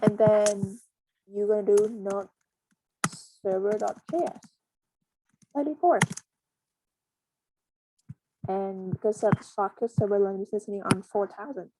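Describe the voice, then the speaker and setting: A woman presenting a casual software setup tutorial, talking in a halting, hesitant way with frequent pauses and restarts. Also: mid-range voice, noisy background. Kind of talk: casual screen-recorded coding walkthrough.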